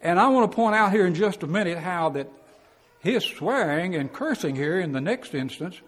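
Folksy preacher in a reverberant hall. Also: male voice, high-pitched, lively intonation, moderate pace, a little hiss or hum. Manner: folksy, plainspoken, with dramatic quotes and chuckles. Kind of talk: Bible class sermon.

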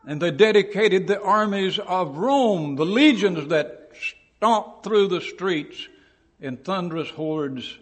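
A man preaching a sermon in a church, telling stories with dramatic build and shouting out quoted lines. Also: high-pitched, normal speed, long reverb tail.

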